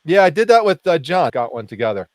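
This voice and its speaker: A man hosting a livestream, chatting casually with plenty of laughs. His voice sits a little high, and the sound is dry and close. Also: very animated, quick pace, no room sound. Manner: jokey, laughs often. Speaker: livestream host. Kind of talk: casual chat.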